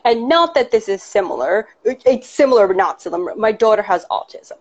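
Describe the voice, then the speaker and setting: A woman's voice: medium pitch, animated, a little fast. A conversational woman with a mid-range voice talks casually and keeps checking in with her listener. Her voice comes through dull, lo-fi remote audio. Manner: conversational, chatty, questions with many "you know" and "right".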